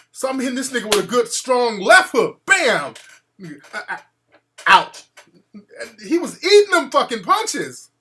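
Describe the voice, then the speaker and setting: A man hosting a call-in show, telling a story in an animated, profane way and acting out the quotes. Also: extremely high pitch, measured pace, a little hiss or hum. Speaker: radio show host.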